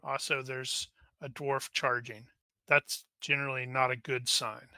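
A man's voice: mid-range voice, level tone, a little slow, bright, forceful tone, no echo. A man running a tabletop game as game master, thinking aloud with wry asides.

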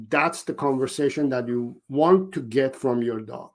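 A man's voice: mid-range voice, normal speed. A man who trains dogs, giving a casual live tutorial in a loose, conversational way with many fillers and restarts. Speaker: dog trainer.

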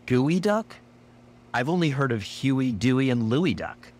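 Lively, teasing male podcast co-host. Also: medium pitch, unhurried. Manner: teasing, wry. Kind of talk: scripted comedy banter.

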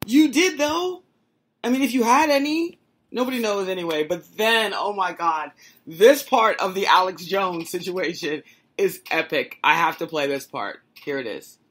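A woman hosts a casual political commentary show. Her voice sits at an ordinary pitch with a slightly husky, breathy edge. She sounds incredulous and mocks what she plays, often laughing. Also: normal speed, fairly bright tone.

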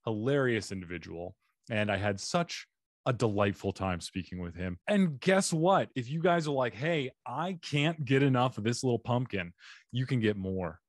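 A young adult man from Arizona hosting a podcast, joking and rambling playfully through a solo intro, now and then jumping into silly high voices, in a home studio. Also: animated, moderate pace, no room sound. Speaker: podcast host. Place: home studio with bare walls.

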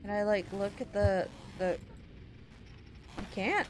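A woman's voice: medium pitch, slow, a little mellow, a little hiss or hum. A young woman playing a horror fan game and commenting as she goes, talking to herself and her viewers, often gasping and easily startled. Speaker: gaming YouTuber.

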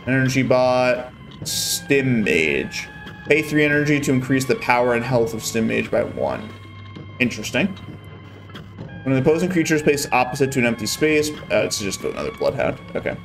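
A man's voice: mid-range voice, lively intonation, moderate pace, soft background music. A young man casually commenting on gameplay on a live stream, wry and a bit exasperated.

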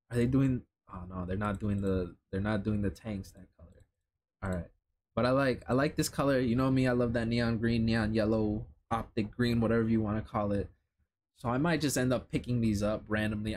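A young man from Chicago gives an excitable, slang-heavy running commentary, cursing freely as he reacts to new clothes and accessories. His voice sits at an ordinary middle pitch, with a faint room ambience behind him. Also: a little hiss or hum. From Chicago, United States. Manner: excitable, slangy, swears casually. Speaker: streetwear vlogger. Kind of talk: casual commentary while browsing a lookbook.

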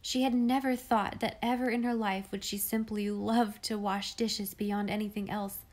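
A woman reading a classic children's novel aloud in clear, measured storytelling. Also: mid-range voice, flat delivery, a little mellow. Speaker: audiobook reader.

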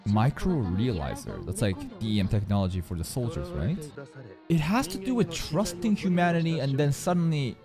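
A man reacting to an anime episode. His pitch swings wildly from low mutters to high yelps as he blurts out loud excited outbursts and swears casually. Music plays clearly beneath his voice. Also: normal speed. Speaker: anime reaction channel host. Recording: music playing in the background. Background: music under the voice.

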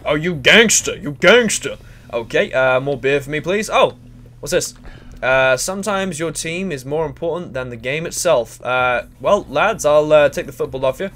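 Man, let's play commentary, excitable and crude, bouncy animated delivery, faint game music behind. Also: a little high. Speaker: gaming channel host.

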